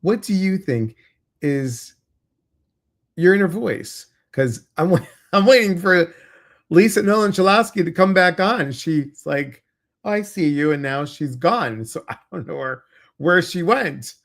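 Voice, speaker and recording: A man's voice: a little high, expressive, a little slow, vocal fry. A man hosting a livestream podcast, chatting casually and greeting viewers by name. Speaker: podcast host.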